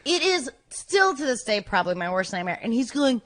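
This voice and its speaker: A woman telling a story on a podcast in a casual, animated way, acting out what people said. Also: a little high, brisk. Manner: animated, acts out quoted lines. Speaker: podcast guest.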